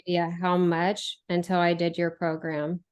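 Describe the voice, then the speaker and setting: A woman's voice: lowish voice, completely flat delivery, unhurried, clear, resonant tone. A woman telling her recovery story as an interview guest, earnest and chatty, with many fillers and restarts. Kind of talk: candid conversational storytelling.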